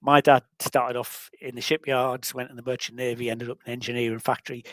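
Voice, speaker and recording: A man's voice: mid-range voice, little pitch movement, quick pace, a bit bright, no room sound, low-quality recording. Older man telling football stories. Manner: rambling, self-deprecating, full of restarts. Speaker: guest, veteran football journalist. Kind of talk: anecdotal interview storytelling.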